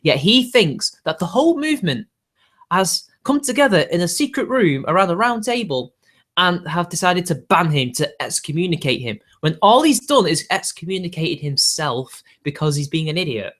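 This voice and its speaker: Bloke rambling on a stream, bit higher pitched, lots of "i dunno"s and little laughs. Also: male voice, very animated, normal speed, a bit bright. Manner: rambling, hedging, frequent chuckles. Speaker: livestream host. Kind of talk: casual off-the-cuff chat.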